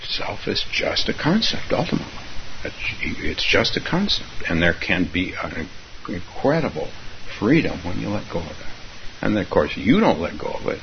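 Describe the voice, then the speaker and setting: Man, zen teacher, dharma talk, fairly low voice, halting, repeats phrases, dull recording, faint hiss. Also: sing-song. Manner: halting, repeats himself, chuckles often.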